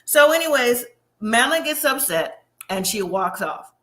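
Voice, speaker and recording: A woman talks through a reality show episode in a loose, chatty recap and throws her opinions right at the listener. Her voice is bright and sharp and sits a little high. Now and then she drops into quick impressions of the people she is describing. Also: sing-song. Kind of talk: casual episode recap commentary.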